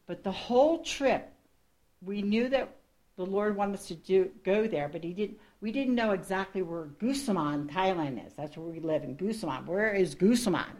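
A woman's voice: medium pitch, lively intonation, normal speed, a little mellow. A woman missionary speaks to a congregation in her own words. She tells her testimony in an earnest, rambling way. She often breaks off and restarts sentences, and laughs at herself now and then. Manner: rambling, with frequent restarts and asides.

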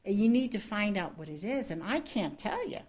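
A woman's voice: medium pitch, very animated, normal speed, a little mellow. A woman missionary telling her story to a congregation in an earnest, rambling way, restarting sentences and laughing at herself. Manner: rambling, with frequent restarts and asides. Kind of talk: personal testimony to a congregation.

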